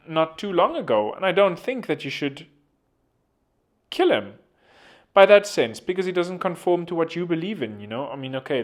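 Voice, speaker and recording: A man hosting a podcast, talking in a rambling, casual monologue full of fillers and self-corrections. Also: on the high side. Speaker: podcast host.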